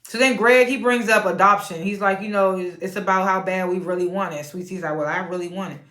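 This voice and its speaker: A woman's voice: medium pitch, steady tone, a little fast, a bit bright, echoey room. A woman casually recapping a reality show episode, chatty, laughing often and retelling scenes in quoted voices.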